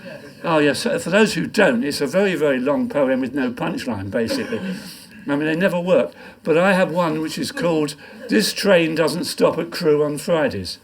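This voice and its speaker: A man's voice: a little high, normal speed. An older man and comic poet, reading his poems live in a pub with a rambling, self-mocking delivery. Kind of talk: live stand-up poetry reading. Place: pub function room.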